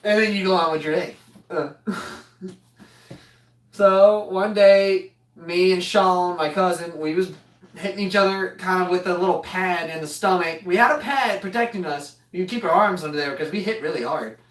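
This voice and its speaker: A woman's voice: on the low side, moderate pace. Laughing storyteller woman in echoey room. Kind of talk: casual chat. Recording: echoey room, mic far off.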